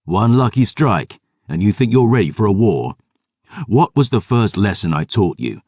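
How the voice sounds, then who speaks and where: A man voicing a wrathful, weary veteran warrior who speaks in a gruff, growling way. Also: on the low side, big pitch swings, normal speed, a little mellow, dry recording, clean studio sound, voice pushed up. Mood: angry.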